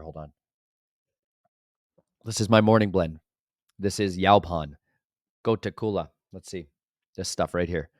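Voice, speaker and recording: Rambling, sleep-deprived man with a low voice. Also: dry recording, clean studio sound. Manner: rambling, jumps between topics with sudden loud bursts. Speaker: vlogger and father of twins. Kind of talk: casual monologue.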